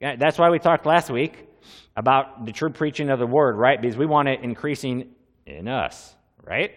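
A man's voice: medium pitch, animated, moderate pace. A man preaching as a pastor, opening with a prayer and then teaching in an earnest, conversational way, with asides and repeated questions to the congregation. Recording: long hall reverb.

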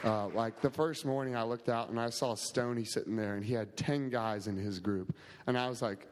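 A man's voice: medium pitch, fairly even intonation, normal speed, a little hiss or hum. A man on a church camp staff giving a casual, grateful testimony to a congregation, full of "like" and "um". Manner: casual, grateful, many fillers. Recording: long hall reverb.

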